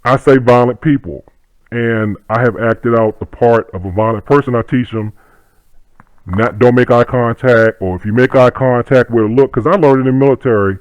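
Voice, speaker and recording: A man's voice: mid-range voice, moderate pace, clear, resonant tone, no room sound, lo-fi sound. Brief: middle-aged man, martial arts instructor, profane rambling talk, dry close sound. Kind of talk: casual monologue.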